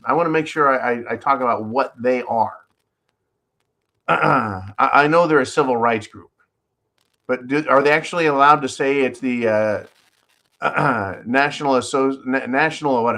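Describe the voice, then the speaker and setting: A man hosting his own channel, delivering a profane, sarcastic political rant with sudden jumps in pitch and volume. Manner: loud swings in pitch and volume. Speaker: channel host.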